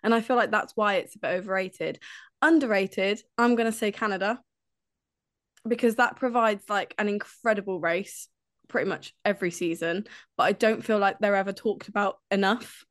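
A woman co-hosting a casual podcast, frank and relaxed, laughing easily. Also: mid-range voice, normal speed, no room sound, studio quality. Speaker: podcast co-host. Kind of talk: casual panel chat.

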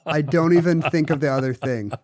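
Wry, deadpan male podcast host. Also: a little high, brisk. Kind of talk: casual comedic chat.

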